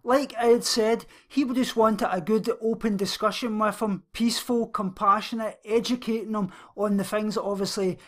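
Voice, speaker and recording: A man's voice: high voice, steady tone, normal speed, few pauses, fairly bright tone. A man giving casual, rambling commentary on a vlog. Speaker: vlog host.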